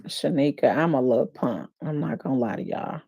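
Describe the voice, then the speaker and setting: A woman's voice: rumbling low, fairly quick, gravelly, slightly rough, lo-fi sound. A woman who hosts a live stream and works as a defense attorney. She comments on a court case and speaks with open emotion, often sighing between thoughts. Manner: emotional, expressive, frequent sighs.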